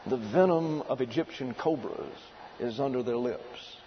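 A man preaching a sermon, working through numbered points in a deliberate, emphatic way. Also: medium pitch, lo-fi sound, noisy background. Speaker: pastor.

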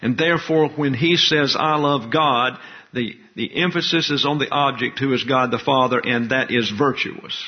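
A male preacher works slowly through his point, restating key phrases so they land. His voice sits at an ordinary middle pitch. The recording is a little dull and lo-fi. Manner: measured, methodical, repeats key phrases. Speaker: Bible teacher. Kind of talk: expository sermon.

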